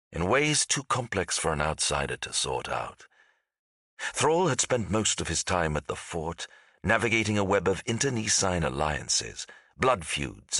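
A man reading fantasy fiction aloud as an audiobook narrator, with a measured, dramatic storytelling delivery. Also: sits low, sharp tone, no echo, clean studio sound.

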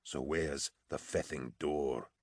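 Guy doing a growly scout, low and hushed, audiobook read. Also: normal speed, no echo, clean studio sound. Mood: tense. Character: gruff male scout, tense and blunt.

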